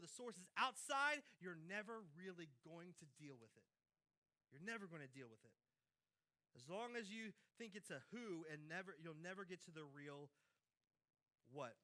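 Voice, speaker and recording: A man delivers a sermon with a high-pitched voice. His tone is bright and pointed, and he drives his points home through repetition, swinging from loud peaks to quiet drops. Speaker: pastor.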